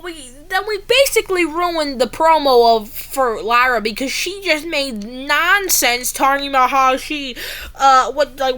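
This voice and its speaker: A woman giving a casual, excitable wrestling recap, ranting and saying "bro" a lot. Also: sits high.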